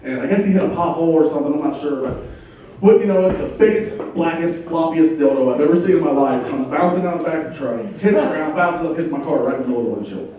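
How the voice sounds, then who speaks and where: A middle-aged man doing a stand-up comedy set in a club, delivering crude jokes in a deadpan way. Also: fairly high pitch, quick pace. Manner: crude deadpan one-liners. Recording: echoey club from far off, crowd laughter. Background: audience laughing.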